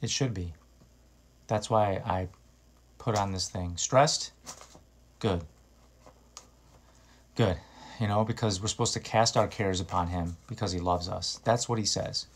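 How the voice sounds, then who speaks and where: Low-voiced man preaching with earnest urgency. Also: a little slow, long pauses, slight background noise. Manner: earnest and exhorting, rising to emphatic bursts. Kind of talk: informal sermon.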